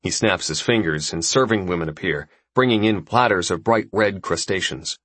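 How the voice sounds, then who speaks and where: A man narrating a fantasy audiobook in the first person with an expressive storytelling delivery. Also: low-pitched, moderate pace, hardly any pauses, breathy edge, no echo.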